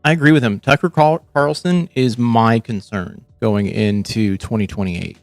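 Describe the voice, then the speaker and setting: A man rambles through his reactions as a livestream host, swearing freely and restarting his sentences. His voice sits at a middling pitch and sounds close and dry, with faint music playing underneath. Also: normal speed, no echo. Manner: rambling, profane, restarts often. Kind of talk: casual reaction commentary.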